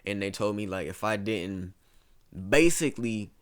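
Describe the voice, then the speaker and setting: Fairly low in pitch but with lively intonation, this twenty-something from Ohio, USA, talks at a normal speed in a clean tone. He's a guest in a casual interview, rambling through stories with plenty of "bro" thrown in.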